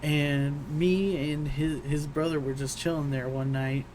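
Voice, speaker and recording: A man's voice: fairly high pitch, fairly even intonation, unhurried, a little mellow, slight background noise, low-quality recording. A young man co-hosting a podcast in casual chat, laid-back and calling everyone "dude". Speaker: podcast co-host.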